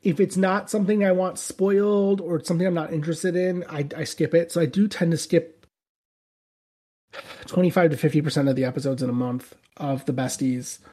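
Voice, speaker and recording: A man's voice: on the high side, little pitch movement, brisk, mellow. A man co-hosting a podcast in casual chat, losing his voice, rambling and restarting his sentences. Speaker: podcast co-host.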